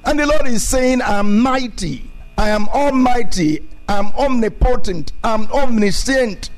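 High-voiced preacher man. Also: a little slow, faint music behind, low-quality recording. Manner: repetitive preaching, rising emphatic declarations. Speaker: pastor. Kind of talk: sermon.

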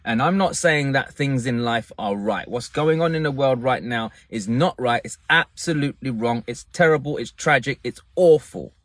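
A man's voice: mid-range voice, normal speed, few pauses, a bit bright, no echo, clean studio sound. A man giving a motivational talk, guiding listeners through an exercise with emphatic, repeated instructions. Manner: emphatic, directive, repeats phrases. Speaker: public speaking coach.

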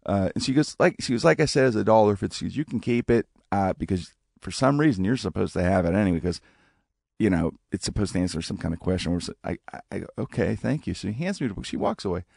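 Gravelly man telling a lively story. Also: quick pace, no room sound, studio quality. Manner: animated, acts out quoted speech with big pitch jumps. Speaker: guest telling a personal story. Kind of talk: casual spoken storytelling.

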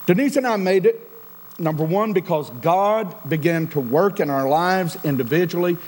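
A middle-aged man preaching a sermon as a pastor, swinging from loud emphasis to a near-whisper. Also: sits high, rough recording.

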